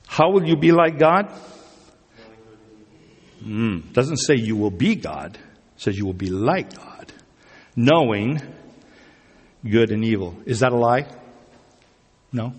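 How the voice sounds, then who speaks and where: A man's voice: medium pitch, very animated, slow, long pauses, breathy edge, long reverb tail. A man preaching a sermon, talking conversationally, asking his congregation questions and repeating words for emphasis. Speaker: pastor.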